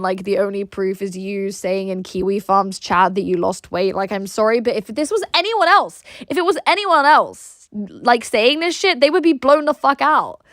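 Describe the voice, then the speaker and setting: A woman's voice: fairly high pitch, a bit bright, no echo, clean studio sound. A woman from Russia with an English accent, chatting casually on a livestream and reacting to viewer messages in a blunt, crude, rambling way full of "like".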